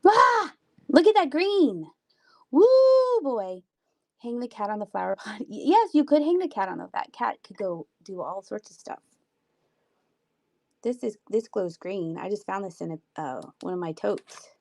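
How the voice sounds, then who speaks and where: Chatty woman with a gravelly fry. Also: mid-range voice, expressive, normal speed, mellow, no echo, studio quality. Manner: rambling, reads out viewer comments. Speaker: livestream seller. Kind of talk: casual live-selling chat. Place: home room with shelves.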